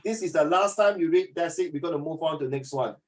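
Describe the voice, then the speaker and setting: A man coaching a student one-on-one for an oral exam, blunt and animated, mixing in Mandarin words. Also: a little high, fast talker, a little hiss or hum. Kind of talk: one-on-one tutoring.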